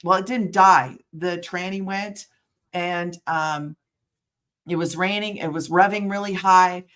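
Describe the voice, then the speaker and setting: Middle-aged woman, regular vlog host, chatty and meandering, breaks off mid-sentence, quick to laugh. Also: fairly low pitch, fairly even intonation, fairly bright tone. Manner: rambling, self-interrupting, laughs often. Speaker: work-from-home business promoter. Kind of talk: casual livestream chat.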